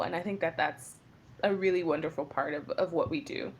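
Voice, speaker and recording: A young woman speaking as a guest playwright in a casual interview, telling stories with lively, animated delivery and frequent laughter. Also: a little fast. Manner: animated storyteller, acts out quotes with big pitch jumps, laughs often.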